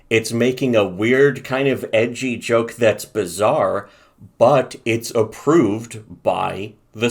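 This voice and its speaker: A man co-hosting a casual commentary podcast, ranting profanely and reading from his notes. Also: on the low side. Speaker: podcast co-host.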